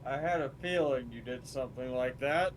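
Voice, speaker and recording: A man playing in a tabletop game over voice chat, making dry, low-key remarks. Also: normal speed, a little hiss or hum, low-quality recording. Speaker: player.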